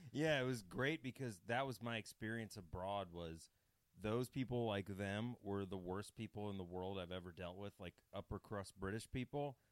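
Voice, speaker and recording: An American man in a low-ish voice tells comic stories to his co-hosts, swearing freely and getting animated. The sound is dry and close. He slips into silly accents as he goes. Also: normal speed, dry recording. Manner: animated, profane, does accents. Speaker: podcast host. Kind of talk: comedic storytelling chat.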